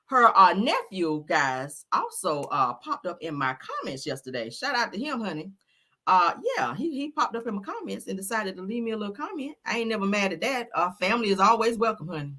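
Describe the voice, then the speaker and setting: A bright, lively woman dishes celebrity gossip in sassy, profane, casual chat. She swoops up and down in pitch and acts out the people she talks about. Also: fairly quick.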